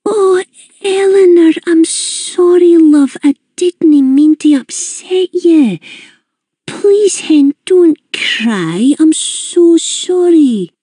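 A woman's voice: very high-pitched, animated, extremely slow, mellow, no room sound, voice pushed up, exaggerated voice. A woman voicing a kindly older Scottish mother who frets and apologises. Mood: apologetic.

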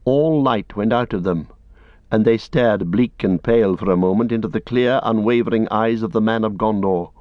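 A man reads a fantasy novel aloud in a steady storytelling voice. His pitch sits low. The recording is dry, close and a little muffled. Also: moderate pace, dry recording. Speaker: audiobook narrator. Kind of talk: scripted narration. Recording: dry, slightly dull audiobook recording.

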